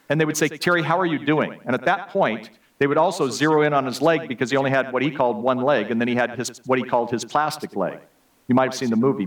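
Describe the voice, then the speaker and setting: A man gives a sermon in a church, talking in a loose, conversational way with plenty of asides as he tells stories. His voice sits at an ordinary middle pitch, and the mic is set some distance away, so he sounds a little remote in the room. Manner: conversational storytelling with many asides. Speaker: guest preacher.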